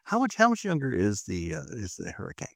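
A man hosting a casual chat, asking quick teasing questions. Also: lowish voice, wildly swooping pitch, creaky, dry recording, clean studio sound.

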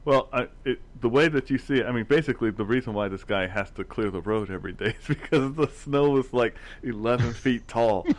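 A man's voice: medium pitch, a little fast, few pauses. A man rambling through a movie plot in casual chat, often stumbling and restarting his words.

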